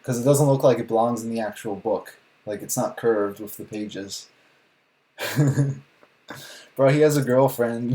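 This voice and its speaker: A man's voice: mid-range voice, dark tone. A young man hosting a live reaction video, incredulous and laughing, often asking "what?".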